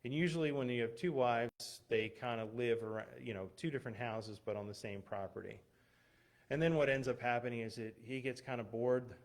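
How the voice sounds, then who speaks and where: A man's voice: mid-range voice, a little fast. A man, a missionary pastor, speaking as a guest in a church, telling personal stories in a conversational way with fillers and restarts. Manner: conversational, many fillers and restarts, laughs at himself. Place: church, streamed online. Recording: unstable internet stream with glitches.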